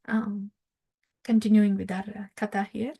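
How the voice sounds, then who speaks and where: A woman teaching a scripture class, telling the story in an animated way with fillers and laughs. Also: medium pitch, unhurried, creaky, breathy edge.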